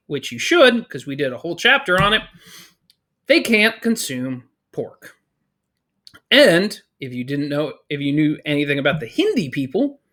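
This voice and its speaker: A male history teacher giving a casual, energetic, jokey lecture to his class. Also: on the high side.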